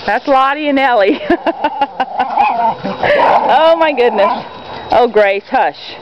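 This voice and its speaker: An animated woman talks at a slow pace while filming her dogs in the yard on a handheld camera, cooing to them in a high sing-song voice and chatting to viewers. The dull lo-fi home video is full of heavy noise from loudly barking dogs.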